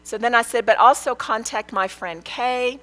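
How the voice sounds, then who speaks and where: A woman's voice: on the high side, moderate pace, a bit bright, rough recording. An older woman, a grandmother, giving an earnest, emphatic testimony, repeating phrases for weight. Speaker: speaker sharing a testimony. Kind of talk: testimony sermon.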